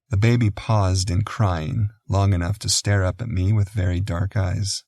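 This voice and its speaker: A man reads a first-person audiobook in a deep voice with plenty of vocal fry. His delivery is measured and quiet, and the recording is close and dry. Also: steady tone, no room sound. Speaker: audiobook narrator.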